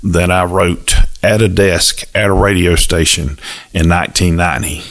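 A man's voice: sits low, steady tone, moderate pace, a bit bright. A man with a south Georgia Southern accent, a country gospel singer telling folksy stories as a guest in a casual chat. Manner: folksy, easygoing storyteller.

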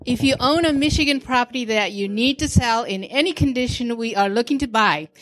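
A woman making a brief, businesslike pitch at a meeting, spelling out contact details. Her voice sits fairly high. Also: a little fast, a bit bright. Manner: businesslike, repeating a phone number. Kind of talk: short announcement.

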